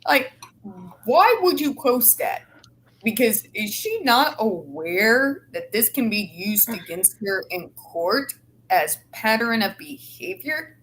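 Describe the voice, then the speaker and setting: A woman's voice: on the high side, sing-song, takes it slowly, a bit bright. A woman hosting a casual group chat, heated, indignant and swearing freely. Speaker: host.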